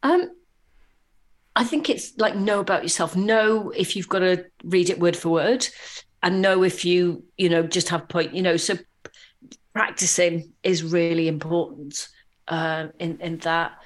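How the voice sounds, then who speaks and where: A woman guest in a casual interview, chatting and telling anecdotes in a lively way. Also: lowish voice, a little slow. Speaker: podcast guest.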